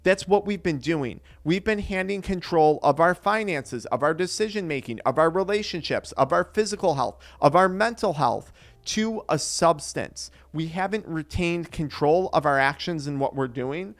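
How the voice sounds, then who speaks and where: A man's voice: on the high side, expressive, moderate pace, no room sound. A young man, an addiction recovery coach, giving an earnest motivational talk that explains step by step. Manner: earnest, explanatory, acts out quoted voices.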